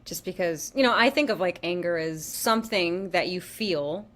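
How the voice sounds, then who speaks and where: Woman, podcast co-host, curious and questioning, somewhat low voice. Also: normal speed, fairly bright tone. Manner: curious, asking questions and reacting with laughter. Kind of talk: casual chat.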